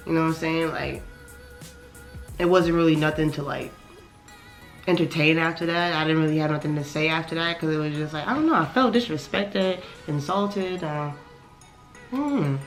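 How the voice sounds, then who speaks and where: A woman vlogger with a voice on the low side recounts an annoying night in a casual, slangy, animated storytime. She swears often and keeps repeating "you know what I'm saying."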